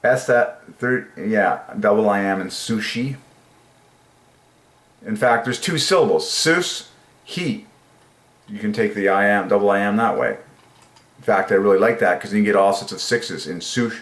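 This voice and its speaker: A man hosting his own channel, musing aloud in casual solo commentary, enthusiastic and repeating words to himself, sometimes in a sing-song higher voice. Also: normal speed. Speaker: channel host. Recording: echoey room.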